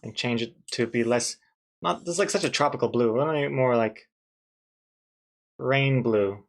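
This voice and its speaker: A man streaming live as he works on a comic, talking casually with viewers and second-guessing his choices out loud. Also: mid-range voice, moderate pace, creaky. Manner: thinks aloud, second-guesses himself, chatty with viewers. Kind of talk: casual live-stream commentary while drawing.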